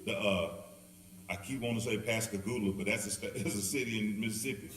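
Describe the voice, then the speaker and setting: A man's voice: lowish voice, quick pace, slight background noise. A man with a Southern accent teaching a Bible study, joking, laughing and acting out the people in his stories. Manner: animated, laughing, acts out quoted people. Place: church hall. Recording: echoey hall, speaker far off.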